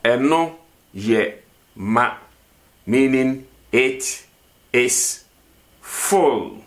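A man's voice: medium pitch, lively intonation. A man teaching a vocabulary lesson, repeating each word and asking questions for the learner to answer. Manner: slow, repeats words and asks questions. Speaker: language teacher.

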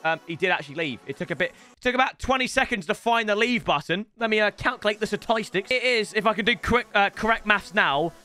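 Excitable young gamer, high and bright. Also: male voice, quick pace, faint music behind. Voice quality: loud shouting outbursts and laughing banter. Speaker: gaming YouTuber. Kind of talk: excitable gameplay commentary.

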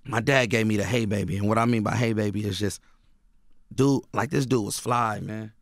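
A man's voice: lowish voice, steady tone, moderate pace, vocal fry, no room sound, studio quality. A man from Oakland, a radio guest telling loose stories packed with "you know what I mean". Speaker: guest author and rapper. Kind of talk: casual radio interview. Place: radio studio.

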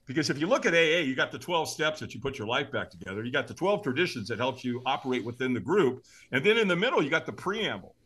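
A man's voice: mid-range voice, fast talker, hardly any pauses, breathy edge. A man, a podcast guest, telling a story with animation, acting out voices and laughing often. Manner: lively, acts out voices in his stories, laughs often.

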